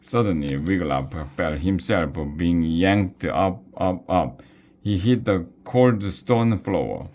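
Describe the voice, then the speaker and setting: Deep, slow male storyteller. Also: expressive, a little mellow. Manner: slow, with small slips and restarts. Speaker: storybook reader. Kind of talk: reading a children's book aloud.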